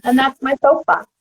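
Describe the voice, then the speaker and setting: Animated comic woman, high and expressive, loud. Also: creaky, noisy background. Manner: loud, animated, exasperated storytelling. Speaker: comedian guest. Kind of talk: comic rant on a live stream.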